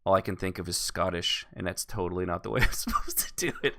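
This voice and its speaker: A man's voice: low-pitched, brisk, hardly any pauses, sharp tone, slight background noise. A man hosting a casual podcast chat who rambles a little and pokes fun at himself. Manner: rambling, self-deprecating, loses his place. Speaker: podcast host.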